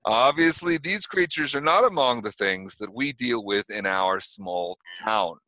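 A man's voice: mid-range voice, expressive, a little slow, bright, forceful tone, dry recording. A man voicing a formal male small-town police sheriff with a New York accent, addressing the group. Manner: formal, apologetic official address.

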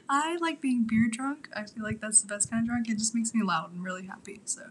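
A woman's voice: fairly high pitch, brisk, heavy background noise. A young woman co-hosting a podcast at home, chatting casually and laughing often between lines, close to the mic. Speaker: podcast co-host. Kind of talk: casual chat. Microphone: podcast microphone up close.

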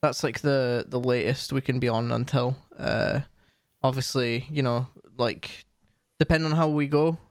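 A young man co-hosts a podcast, chatting casually and rambling with many fillers and restarts. His mid-range voice is steady and normally paced, with a dry, clean studio recording.

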